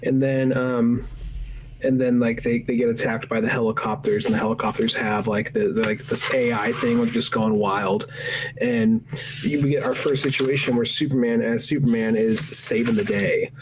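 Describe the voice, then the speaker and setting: A man's voice: medium pitch, level tone, background noise. A man co-hosting a podcast, talking casually and rambling through a comic book story. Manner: rambling, acts out panels in quick voices. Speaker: podcast co-host.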